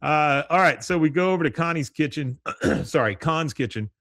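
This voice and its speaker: A man's voice: a little high, animated, normal speed, a bit bright, dry recording, studio quality. A man hosting a podcast, casually recapping a cartoon episode and acting out the characters' lines. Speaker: podcast host.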